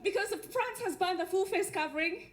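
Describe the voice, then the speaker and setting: On a theatre stage before a laughing audience, a woman with a Kenyan accent performs a wry stand-up set at normal speed in an extremely high-pitched voice. Her delivery is dry and built around punchlines. The live theatre recording carries faint background noise.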